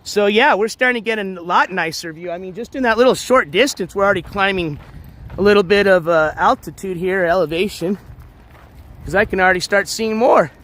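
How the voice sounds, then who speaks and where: A man's voice: high-pitched, brisk, fairly bright tone. A man live-streaming outdoors on a trail, chatting casually to viewers with lots of fillers and restarts while walking.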